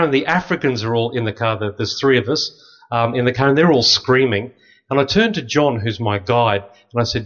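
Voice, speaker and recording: A middle-aged man, a priest, telling lively stories with dry humor to an audience. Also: medium pitch, moderate pace. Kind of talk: storytelling talk to an audience. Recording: slightly dull lo-fi recording.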